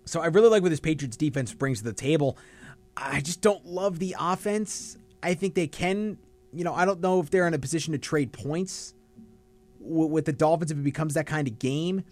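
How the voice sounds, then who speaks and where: A man co-hosting a casual sports podcast. He gives analytical, stat-heavy game picks in a measured way. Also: a little high, darkish tone.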